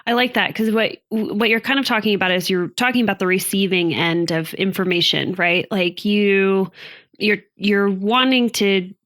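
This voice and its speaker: A woman's voice: medium pitch, steady tone, normal speed, a bit bright. A woman who co-hosts a marriage therapy show, explaining in a conversational way with fillers. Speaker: marriage therapist and podcast co-host. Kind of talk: casual chat.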